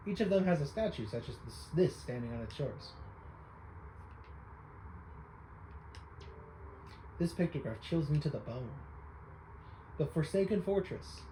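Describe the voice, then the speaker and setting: A man's voice: mid-range voice, mellow, roomy sound, slight background noise, natural voice, poor audio. Man reading a formal old pictograph buff. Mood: solemn. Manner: old-fashioned formal speech, addresses listener as young sir. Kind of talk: reading game dialogue aloud.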